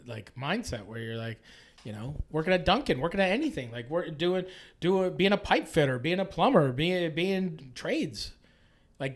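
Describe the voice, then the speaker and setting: A Canadian man in his late thirties, appearing as a guest chef on a casual podcast, has a voice that sits high for a man. He rambles, restarts his sentences, swears a lot and leans on "like" constantly.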